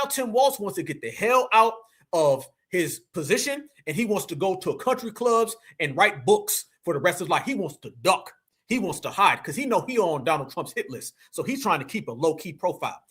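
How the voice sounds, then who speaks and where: A man hosting a reaction commentary, slangy and animated, talking straight to his viewers as family. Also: sits high, a little fast, slightly rough. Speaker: commentary channel host.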